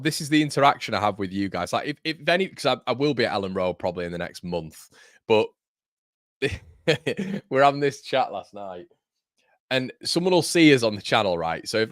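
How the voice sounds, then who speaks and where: A man's voice: fairly low pitch, dry recording, studio quality. A young man hosting a live fan watchalong, chatting casually and reading viewer comments aloud in a matey way. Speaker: fan channel host. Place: home studio.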